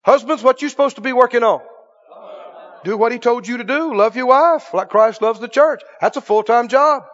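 A man pastors his congregation in an emphatic preaching style, often pausing to ask if they are with him. His voice sits high for a man. The recording is dull and muffled, with a long church reverb trailing behind him. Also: fairly bright tone. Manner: emphatic preaching with call-and-response questions. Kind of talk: sermon. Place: church sanctuary.

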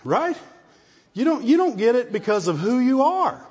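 A man's voice: extremely high pitch, very animated, moderate pace, darkish tone, breathy edge. A man preaching a sermon, often asking the congregation "amen?" and repeating phrases for emphasis. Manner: call-and-response asides, repeats phrases. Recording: dull sound with long reverb in a hall.

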